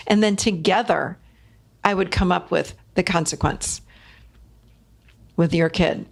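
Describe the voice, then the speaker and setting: A woman's voice: on the low side, unhurried, gravelly, long pauses. A middle-aged woman hosting a podcast, giving casual advice and acting out short exchanges between parents and children. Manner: warm, emphatic, acts out parent and child voices. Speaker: podcast host and therapist.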